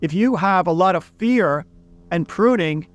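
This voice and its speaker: A man's voice: high-pitched, animated, unhurried. A middle-aged man from the United States, giving a casual economics lesson in a conversational, storytelling way. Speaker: economics teacher.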